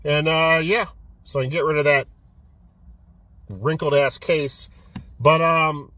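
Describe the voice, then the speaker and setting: A man vlogging casually about his movie collection and fast food, rambling, repeating words and swearing as he goes. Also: on the high side, steady tone, bright, forceful tone, no echo. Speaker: physical media collector vlogger. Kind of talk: casual vlog rant.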